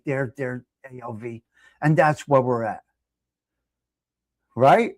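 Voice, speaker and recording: A man's voice: medium pitch, animated, slow pace, pauses often, no echo. A man in a heated, profane livestream rant, hosting his own show. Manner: angry, profane, shouting at times. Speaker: livestream host.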